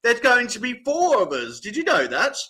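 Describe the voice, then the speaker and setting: A man's voice: extremely high pitch, huge pitch swings, normal speed, sharp tone. A man co-hosting a live music show, chatting playfully and bantering with his co-host.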